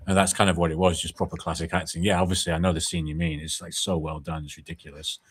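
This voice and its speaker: Very deep, husky-voiced man chatting. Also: fast. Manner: relaxed, rambling, lots of fillers like "like" and "you know". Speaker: podcast co-host. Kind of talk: casual chat.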